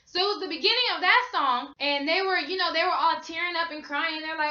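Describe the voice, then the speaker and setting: Bright, high-voiced young woman vlogger. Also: racing, few pauses. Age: young adult. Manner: chatty, slangy, animated storytelling. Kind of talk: casual storytime. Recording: echoey room, slightly dull sound.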